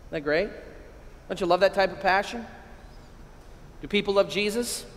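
A man who is a priest, giving an animated keynote sermon and leading his audience in call-and-response. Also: sits high, normal speed. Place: large hall. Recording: echoey hall.

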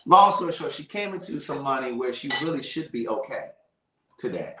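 A man hosting a casual chat, retelling a heated family fight in an animated, profane and emphatic way. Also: medium pitch, fairly quick, roomy sound, far from the mic, a little hiss or hum. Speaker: host.

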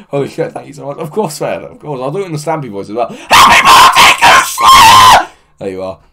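A man hosting a livestream, reading chat aloud in a crude, joking way and laughing often. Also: lowish voice. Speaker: livestream host. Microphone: headphones with mic.

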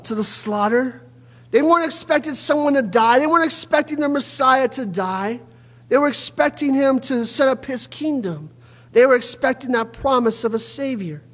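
A male pastor delivers a fervent evening sermon in a very high, ringing voice. His speech is full of "uh" fillers and breaks into sudden shouted bursts. The sound carries a long church reverb. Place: church sanctuary.

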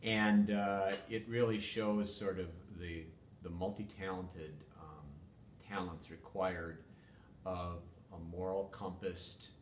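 Older male guest, deep voice, measured and wordy delivery, echoey room with faint rumble. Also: steady tone. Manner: measured, wordy, many fillers. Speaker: former police chief, guest. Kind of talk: casual interview talk.

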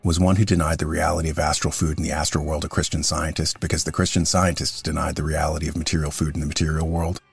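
A man narrating a classic story as an audiobook, in a measured, earnest reading. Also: extremely low pitch, level tone, vocal fry, breathy edge, faint music behind.

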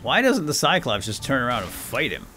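Male let's-play host, lively swooping voice, soft mutters breaking into loud excited yells, faint game music underneath. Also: medium pitch, a little fast. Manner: jumps from quiet muttering to loud excited shouts. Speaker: gameplay video host.

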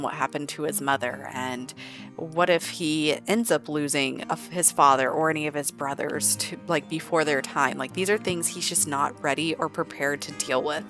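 A woman narrating a life-sim game in a chatty, casual way, sprinkling "like" through her talk. Her voice sits low. Faint music plays underneath. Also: a bit bright. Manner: chatty, heavy use of "like". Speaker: let's play narrator.

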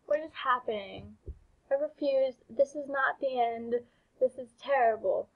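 A woman's voice: high voice, a little slow, highs cut off. A woman gaming YouTuber reading a game's story aloud, reacting with bewildered exclamations and laughs.

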